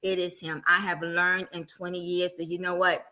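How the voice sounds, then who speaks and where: Brief: middle-aged woman evangelist, bright, clear tone, lively storyteller talking about faith and family. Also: fairly low pitch, moderate pace. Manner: animated storytelling, acting out everyday quotes. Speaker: guest evangelist. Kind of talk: casual faith testimony.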